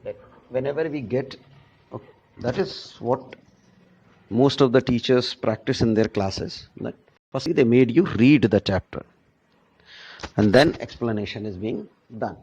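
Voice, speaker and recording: A man teaching a pronunciation lesson to students, speaking slowly and often checking in with "right?". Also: medium pitch, darkish tone, breathy edge, lo-fi sound. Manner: slow and deliberate, checks in with "right?". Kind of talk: classroom lecture on pronunciation.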